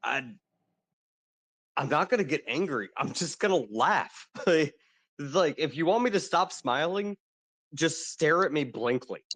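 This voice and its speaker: A man's voice: a little high, expressive, unhurried, fairly bright tone. A man in casual chat, ranting in an exasperated way with lots of swearing and laughter.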